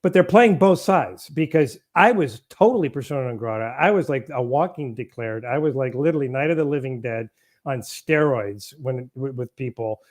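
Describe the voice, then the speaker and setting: A man's voice: mid-range voice, animated, moderate pace. A middle-aged man being interviewed in a casual conversation, rambling and breaking off his own sentences as he speaks bluntly. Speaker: guest.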